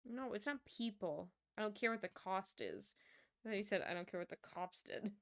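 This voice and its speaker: Young woman streamer rambling along, laughs at herself a lot, middle pitch. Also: expressive, moderate pace. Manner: rambling, self-amused storytelling with frequent laughs. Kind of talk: casual stream chat.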